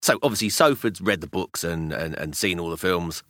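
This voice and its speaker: Lively British dad telling stories. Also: male voice, sits low, normal speed, no room sound, studio quality. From United Kingdom. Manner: animated storytelling, acting out kids' voices. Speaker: podcast co-host. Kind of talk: casual chat.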